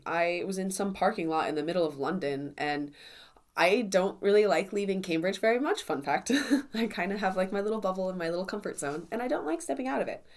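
Chatty encouraging woman podcaster, lowish voice. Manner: chatty, encouraging, frequent "like" fillers. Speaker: podcast host, confidence coach. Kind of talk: casual solo podcast talk.

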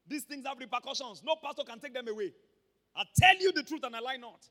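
A man with a Nigerian accent preaching a sermon to his church, emphatic and rising from quiet talk to shouts. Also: extremely high pitch, fast. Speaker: pastor. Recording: long hall reverb.

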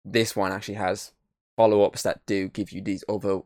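A man's voice: on the low side, level tone, brisk, darkish tone, no echo, clean studio sound. A man giving a casual, rambling film review, swearing freely and humming bits of tunes.

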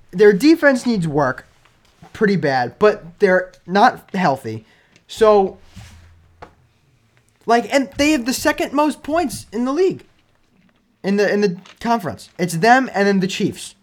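Rich: An opinionated man chats about sports on a casual podcast, talking in a fairly high voice for a man. He is excitable and quick with his takes, and he answers his partner with frequent agreeing "yeah"s.

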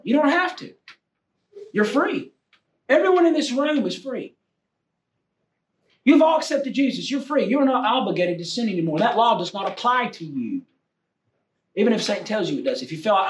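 A man preaching a sermon to a congregation, swinging between loud exhortation and low, confiding tones. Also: lively intonation, brisk, a little hiss or hum. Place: church room with a congregation. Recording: echoey room, heard from a distance.

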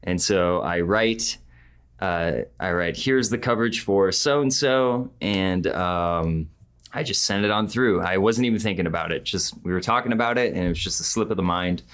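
Young man, very low voice, rambling podcast anecdote, filler-heavy. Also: normal speed, a bit bright. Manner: rambling, laughs often, many fillers like "uh" and "like". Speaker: podcast guest. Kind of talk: casual anecdote storytelling.

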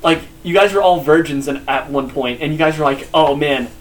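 A young man telling animated, rambling stories in casual chat with friends, swearing now and then. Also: a little high, fairly quick. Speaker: guest.

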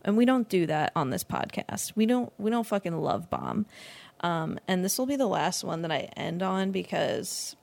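A woman's voice: fairly low pitch, very animated, moderate pace, gravelly, darkish tone. A young woman in her twenties hosting a casual solo podcast, rambling and laughing often as she swears freely. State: lightheaded from not eating. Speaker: podcast host.

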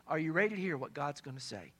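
A male pastor delivering a sermon in a high, bright, ringing voice. He preaches emphatically, moving between hushed passages and loud, stressed lines. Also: very animated, quick pace, breathy edge.

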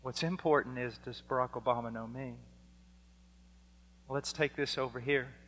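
A man preaching a fiery sermon, dropping to a hush and then rising to shouts as he acts out exchanges. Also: mid-range voice, steady tone, normal speed. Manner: swings from hushed to shouting, acts out dialogues. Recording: long hall reverb.

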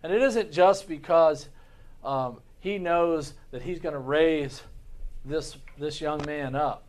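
A male pastor leads a Sunday school lesson in a fairly high voice. He talks earnestly, restarts and repeats his words, and keeps asking the class questions. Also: takes it slowly. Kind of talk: Bible class teaching.

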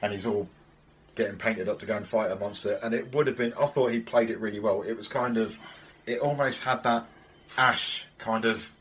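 Another male podcast co-host, his voice on the low side and a bit bright, speaks at a moderate pace with slight hiss or hum in the background. Enthusiastic and casual, he swears freely and rambles as he retells things.

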